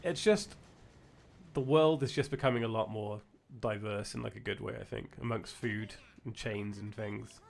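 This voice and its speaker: Gravelly and fairly low, a young British man's voice moves at normal speed as he talks casually while gaming on stream. He rambles, frequently restarting and correcting himself.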